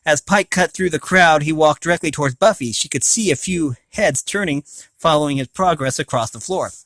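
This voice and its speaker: Guy reading a book out loud, slightly high voice, trips and restarts a lot. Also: brisk, no room sound. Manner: frequent stumbles, restarts and self-corrections. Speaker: reader of a novel. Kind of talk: amateur audiobook reading.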